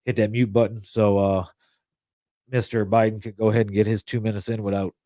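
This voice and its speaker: A man co-hosting a podcast in casual political chat, blunt and profane and quick to jump in. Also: lowish voice, little pitch movement, dark tone. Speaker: podcast co-host.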